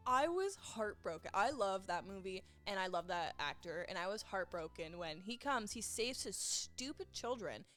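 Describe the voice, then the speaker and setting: Lively young woman telling dramatic stories. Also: medium pitch, normal speed, hardly any pauses, soft background music. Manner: expressive storyteller, dramatic. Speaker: podcast guest. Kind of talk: casual chat.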